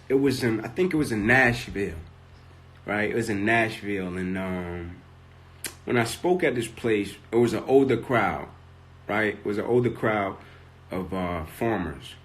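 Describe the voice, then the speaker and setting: Streaming live from his phone, a man whose voice is on the low side and a bit bright shares a personal story as a motivational speaker. Nearly every sentence gets a "right?" tacked on, and his intensity keeps building.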